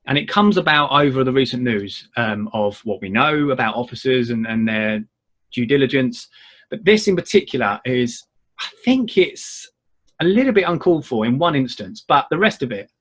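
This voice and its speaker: Husky, lively-voiced male show host. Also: mid-range voice. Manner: rambling, filler-heavy, lively intonation. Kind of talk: casual chat show talk.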